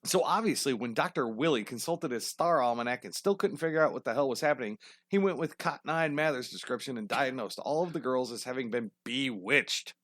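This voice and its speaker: A man's voice: mid-range voice, a little fast, fairly bright tone, dry recording, clean studio sound. A man hosting a podcast, telling a history story casually with lots of swearing and jokey tangents. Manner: profane, rambling, jokey tangents. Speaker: podcast host.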